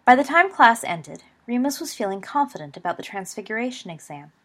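A woman narrating a story in a steady, even reading voice. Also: on the high side, brisk.

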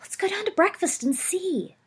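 A woman's voice: extremely high pitch, big pitch swings, moderate pace, voice pushed up, exaggerated voice. Woman putting on a cocky schoolboy voice. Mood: impatient. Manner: boastful, teasing.

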